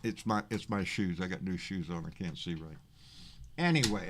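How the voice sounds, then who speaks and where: A man's voice: low voice, lively intonation, moderate pace, gravelly, fairly bright tone. Rambling, cussing Texan man livestreaming. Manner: rambling, profane, stammers and repeats words. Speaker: livestream host. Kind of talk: casual political livestream chat, reading chat comments.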